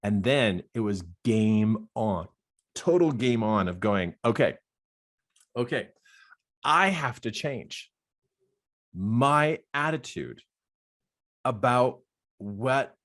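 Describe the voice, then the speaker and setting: A man's voice: medium pitch, slow, pauses often. A man, a life coach, telling a personal story with lots of laughter and acted-out dialogue. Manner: expressive, laughs often, acts out dialogue.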